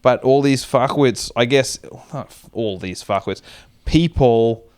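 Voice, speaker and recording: A man's voice: mid-range voice, unhurried, a little mellow, clean tone, dry recording. A man, co-hosting a comedy podcast, telling stories casually, swearing often and acting out other people's voices. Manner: swears a lot, acts out quoted voices. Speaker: podcast co-host.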